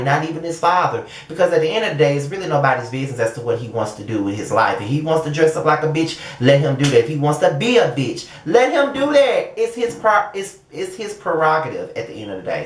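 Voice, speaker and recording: A young man giving a blunt, profane, animated casual commentary as a show reviewer. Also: on the high side, roomy sound.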